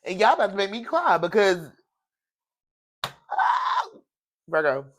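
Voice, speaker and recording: Tarot reader, male, fairly high voice, preachy and emotional, repeats himself. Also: big pitch swings, fairly quick, a bit bright, a little hiss or hum. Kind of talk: casual tarot reading.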